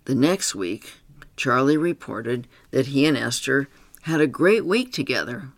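A man working as a therapist, reading aloud a written story about a client in a calm, measured, explanatory way. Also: medium pitch, dry recording.

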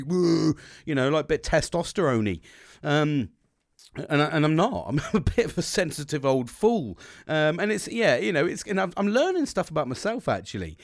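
A middle-aged man talks alone into a close podcast mic, rambling from one story to the next with plenty of swearing and self-mockery. His voice sits a little high for a man. The sound is dry, with no room around it. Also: no echo. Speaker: podcast host. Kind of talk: casual solo podcast monologue. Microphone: close podcast microphone.

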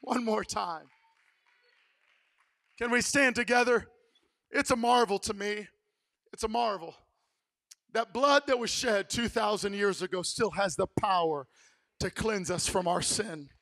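A male pastor preaching a sermon in a church, telling the story dramatically and swinging between hushed lines and shouted ones. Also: high voice, measured pace.

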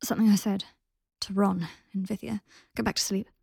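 A woman reading aloud, voicing a weary, sad young man who speaks quietly and tenderly. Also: medium pitch, level tone, brisk, vocal fry, breathy edge, no room sound, clean studio sound. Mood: subdued. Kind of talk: audiobook reading.

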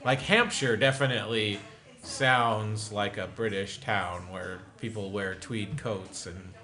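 A man's voice: lowish voice, fairly even intonation, takes it slowly, bright, forceful tone. A man co-hosting a podcast in a casual, joking chat. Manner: joking, playful, wanders into silly asides. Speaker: podcast co-host.

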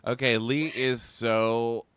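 A man co-hosting a casual comedic recap chat, talking in an animated, mocking way and jumping into squeaky impressions. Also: slow, clean tone, no room sound. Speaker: podcast co-host.

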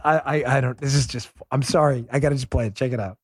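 A man from Queens, New York, hosting a talk radio show, animated and chatty, often breaking into laughter. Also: medium pitch, fast talker, very noisy. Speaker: host.

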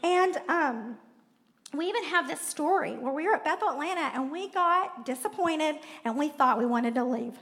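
Woman, high voice, chatty sermon, church sanctuary, long reverb. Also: animated, moderate pace, a bit bright. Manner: conversational, laughing asides, audience prompts. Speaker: pastor's wife preaching.

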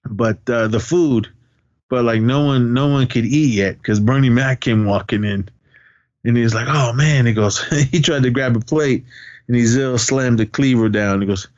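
A man's voice: mid-range voice, moderate pace, lo-fi sound. A man co-hosting a podcast, recapping movie scenes in casual chat, laughing often and acting out lines of dialogue. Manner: animated, acts out lines of dialogue. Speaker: podcast co-host.

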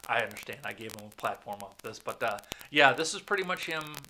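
Blunt, profane man with a bright, lively voice. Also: medium pitch, fairly quick, slight background noise. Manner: profane, blunt, reads news articles aloud then rants. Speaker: podcast host. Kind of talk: casual political commentary.

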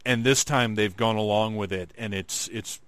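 A man's voice: on the low side, fairly even intonation, normal speed, fairly bright tone, clean tone, no echo. A man co-hosting a casual chat, talking with enthusiasm and laughing easily. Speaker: podcast co-host.

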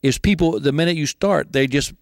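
A male comedian, telling a comic story and chatting as an interview guest, animated and acting out the people in it. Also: fairly high pitch, a little fast, dry recording. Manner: animated, acts out voices, laughing through the story.

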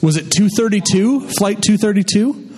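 Male emcee, high and animated, self-deprecating banter. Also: moderate pace. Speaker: host. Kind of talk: hosting a storytelling night.

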